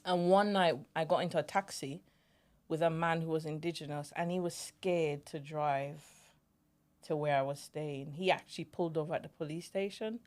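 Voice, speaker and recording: A woman in her forties hosts a relaxed podcast chat, recounting her memories with animated energy and easy laughter. Her voice sits a bit low for a woman. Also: moderate pace. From Jamaica. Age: 40s. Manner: animated storyteller, laughs easily. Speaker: podcast host. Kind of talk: casual storytelling chat.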